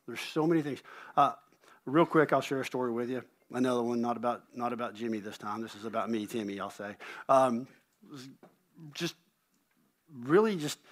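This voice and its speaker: A middle-aged man preaching a sermon as pastor, an animated storyteller who pokes fun at himself and repeats words when he gets going. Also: mid-range voice. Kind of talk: sermon with personal stories.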